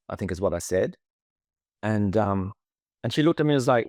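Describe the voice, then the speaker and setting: A man's voice: fairly low pitch, lively intonation, a little fast, long pauses, darkish tone, no echo, studio quality. A man, co-hosting a podcast as a therapist and telling a personal story in an emotive, chatty way. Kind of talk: casual conversation.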